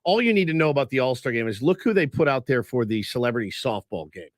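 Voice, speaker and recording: A man's voice: medium pitch, big pitch swings, quick pace, no room sound, studio quality. A man co-hosting a sports radio show, easygoing and casual. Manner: easygoing, says "man" and "dude" a lot. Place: radio studio.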